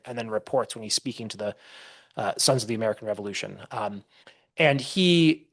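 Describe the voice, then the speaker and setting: A man's voice: medium pitch, fairly bright tone. A man, a historian being interviewed on a podcast, explaining at length with frequent restarts and storytelling. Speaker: historian guest.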